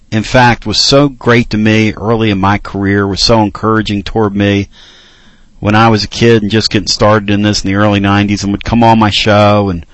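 A man hosting a casual sports talk radio show, speaking earnestly and with heartfelt pauses. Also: fairly low pitch, a bit bright, dry recording, rough recording.

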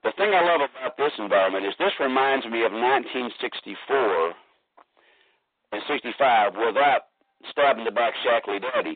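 A man calling in to a sports show, boasting and trash-talking rival fans with excitable energy. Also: medium pitch, moderate pace, gravelly, no room sound. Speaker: caller. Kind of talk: call-in sports rant. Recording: tinny phone line, dry.

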